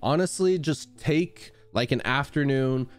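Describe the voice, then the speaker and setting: A man's voice: a little slow, faint music behind. A man streaming live and chatting casually with his viewers, upbeat and greeting them by name, with his voice cracking today. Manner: upbeat, greets viewers by name with excited high-pitched jumps.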